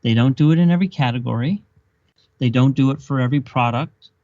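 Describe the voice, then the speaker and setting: A male podcast guest at a middling pitch who argues by stacking up rhetorical questions, emphatic and explanatory. The recording is dry and close, with a dull, lo-fi tone. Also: fast talker, dark tone, dry recording. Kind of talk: explanatory conversation.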